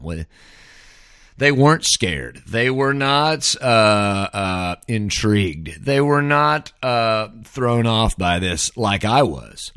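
A man's voice: on the low side, very animated, measured pace, a bit bright, no room sound, clean studio sound. A middle-aged man hosting a podcast, rambling through a wry, casual solo monologue full of "man" and "dude.". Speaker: podcast host.

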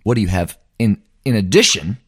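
A man's voice: lowish voice, a little fast, breathy edge. A middle-aged man, hosting a ranting, emphatic sports commentary monologue. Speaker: host.

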